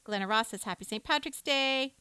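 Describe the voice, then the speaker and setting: A woman's voice: a little high, fairly quick, pushed and bright, smooth, no echo. A woman co-hosting a live stream, cheerfully reading out viewer names and greetings in a casual chat. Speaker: co-host of a live music stream.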